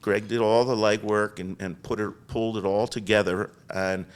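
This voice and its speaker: Older male guest, chatty storyteller, mid-pitched, animated and rambling, podcast interview. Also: normal speed, clear, resonant tone. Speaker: guest business founder. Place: podcast studio.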